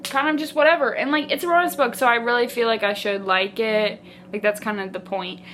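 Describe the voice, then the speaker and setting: A young woman chatting casually as a book vlogger, animated and dramatic, with lots of filler "like"s. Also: on the high side, a little fast, slight background noise. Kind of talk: casual chat.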